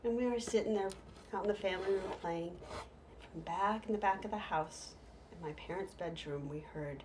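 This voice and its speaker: A woman's voice: medium pitch, moderate pace, slight background noise. Middle-aged woman telling funny stories. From United States. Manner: lively, with hushed whispered asides. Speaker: storyteller. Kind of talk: humorous stage storytelling.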